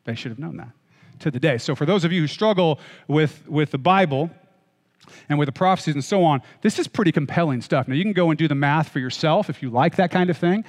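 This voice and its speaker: A man's voice: a little high, fast talker. A man preaching a sermon, reading scripture and then explaining it in a conversational way with joking asides to the congregation. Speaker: pastor. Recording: long hall reverb.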